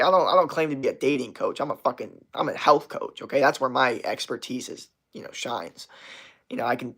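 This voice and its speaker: A man's voice: fairly high pitch, fairly bright tone. Rambling, profane young male streamer. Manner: rambling, profane, heavy on filler words. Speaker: livestream host and health coach. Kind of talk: casual livestream rant.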